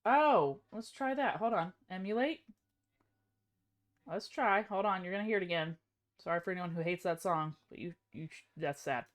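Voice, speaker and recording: A young woman live streamer chatting casually, excitable and self-deprecating. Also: fairly low pitch, moderate pace.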